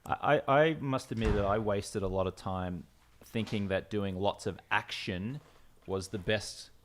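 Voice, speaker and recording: A man's voice: fairly low pitch, measured pace, a little hiss or hum. A man co-hosting a podcast, talking in an easygoing, reflective way. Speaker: podcast co-host. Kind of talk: casual conversation.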